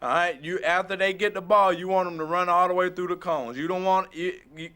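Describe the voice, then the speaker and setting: A man with a high, smooth, clear voice explains football drills like a coach on the practice field. He often repeats and restarts his phrases as he works through each point. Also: steady tone, fairly quick, bright, forceful tone. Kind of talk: instructional drill demonstration.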